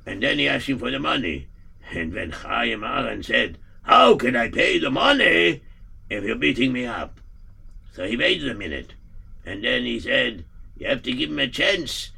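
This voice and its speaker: Man playing a gravelly, grim Yiddish-accented villager. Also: medium pitch, lively intonation, sharp tone, heavily acted. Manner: halting, repeats himself. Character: male villager bearing grim news, weary and gloomy.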